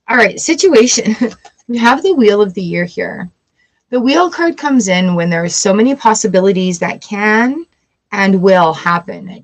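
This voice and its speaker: A woman giving a casual tarot reading, chatty and encouraging, with lively outbursts. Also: medium pitch, poor audio. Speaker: tarot reader.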